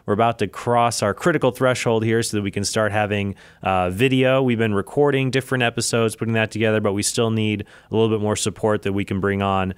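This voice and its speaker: A man's voice: fairly low pitch, fairly even intonation, fast, few pauses, clean tone, no room sound, clean studio sound. A man hosting his own podcast from an office, talking casually and chattily, with frequent asides. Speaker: podcast host. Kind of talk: casual solo podcast talk.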